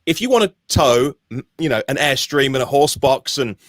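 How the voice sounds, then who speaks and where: A man, co-hosting a podcast in casual chat, talking in an animated, emphatic way with frequent restarts. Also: medium pitch, normal speed, no echo, clean studio sound. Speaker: podcast co-host.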